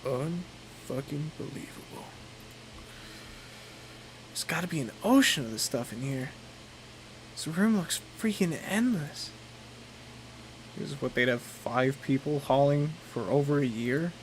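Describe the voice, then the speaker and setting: A man voicing a grumpy, hard-drinking old male crewmate in a put-on Southern accent, gruff and sardonic, with faint room noise. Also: on the high side, animated, unhurried, pauses often, rough recording. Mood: incredulous.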